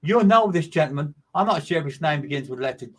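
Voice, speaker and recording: A man's voice: on the high side, animated, quick pace, slightly rough. A man working as a medium, giving a live streamed reading in a repetitive, emphatic way and greeting listeners by name.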